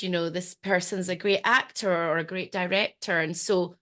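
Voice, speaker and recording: Woman host asking gentle questions. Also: on the low side, steady tone, normal speed, hardly any pauses. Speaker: podcast host. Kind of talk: interview questions.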